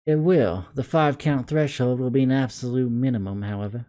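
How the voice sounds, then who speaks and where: A man with a Southern accent voicing a stern, formal male school official who speaks in a measured, composed way. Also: mid-range voice, mellow, close to an everyday voice. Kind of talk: video game dialogue reading.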